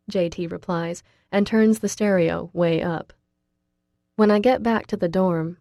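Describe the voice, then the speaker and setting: Low, mellow woman reading an audiobook. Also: no room sound, studio quality. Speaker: audiobook narrator. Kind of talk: scripted first-person audiobook narration.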